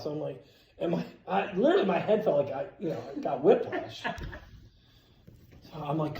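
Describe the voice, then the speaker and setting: A man tells a story in a loose, animated way, swearing often and acting out the lines of the people in it. His voice sits a little high. The sound echoes around the room he is in. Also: moderate pace, gravelly, lo-fi sound, a crowd in the background. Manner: animated, profane, acts out quotes loudly. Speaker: storyteller at a skate event. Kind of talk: casual storytelling.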